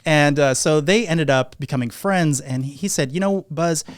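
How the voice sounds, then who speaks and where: A man's voice: fairly high pitch, moderate pace, no echo, clean studio sound. A man hosting a podcast, telling a casual anecdote and acting out the quotes. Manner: animated anecdote with acted-out quotes. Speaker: podcast host. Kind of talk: casual storytelling.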